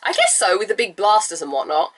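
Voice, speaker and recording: A woman with a cold, slightly nasal and raspy, chatting casually as she recaps a TV episode, her pitch leaping up when she gets excited. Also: fast. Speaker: vlogger reviewing a TV episode.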